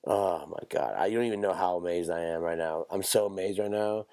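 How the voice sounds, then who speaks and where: A man's voice: deep voice, fairly quick, dark tone, no echo. A man hosting a solo podcast in loose, profane, rambling casual chat with joking asides, coughing and stuffed up from allergies. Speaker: podcast host.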